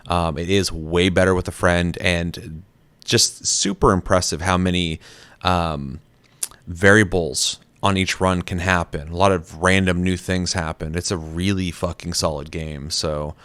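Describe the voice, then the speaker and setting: A man's voice: low-pitched, fairly even intonation, measured pace, a bit bright, clear, resonant tone, dry recording. A man hosting a gaming podcast, chatting casually with frequent swearing and fillers. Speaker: podcast host.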